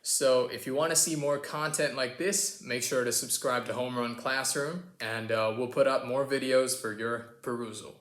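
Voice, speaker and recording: A man's voice: medium pitch, fairly even intonation, moderate pace, hardly any pauses, fairly bright tone, roomy sound. A man with an American accent hosting a casual lesson on pronunciation, chatty and upbeat. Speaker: host.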